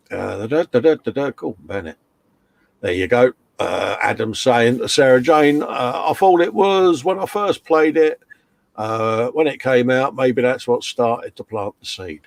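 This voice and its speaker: A man's voice: mid-range voice, a little slow, creaky, dry recording. Chatty man reading chat. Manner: chatty, reads chat messages aloud, laughs often. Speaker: host reading out live chat. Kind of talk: casual live-stream chat.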